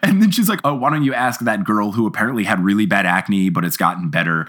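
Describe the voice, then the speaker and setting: A man hosting a casual podcast chat, retelling a story in an animated way and acting out the characters' lines. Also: on the low side, quick pace. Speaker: podcast host.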